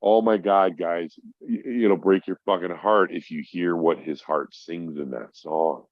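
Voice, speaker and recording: Very deep-voiced profane middle-aged man. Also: fairly even intonation, measured pace, dry recording. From Minnesota. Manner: profane, heartfelt storytelling. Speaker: podcast guest. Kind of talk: casual chat. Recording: dull, dry lo-fi sound.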